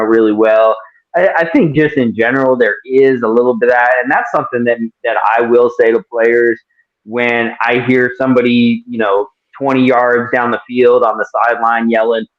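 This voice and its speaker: Male podcast co-host, mid-range voice, casual and reflective, lo-fi sound. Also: mid-range voice. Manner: thoughtful, many restarts and fillers. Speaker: podcast co-host, flag football official.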